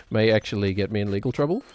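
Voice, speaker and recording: On a game stream, a man with a lowish, slightly mellow voice chats casually, with a bit of background noise. He rambles, pokes fun at himself and laughs often.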